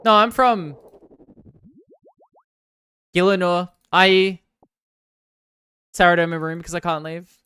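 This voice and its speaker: Joking Australian woman streamer, smooth dry voice. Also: on the low side, takes it slowly, pauses often, no room sound. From Australia, Victoria. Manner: joking, sarcastic, loud bursts of protest. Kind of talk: casual live-stream chat reading viewer comments.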